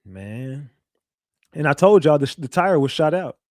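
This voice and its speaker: This livestream host's voice runs on the high side, darkish in tone and expressive, delivered at a measured pace. He's casual and foul-mouthed, repeating himself and reading out viewer messages. The recording is dry and studio-clean.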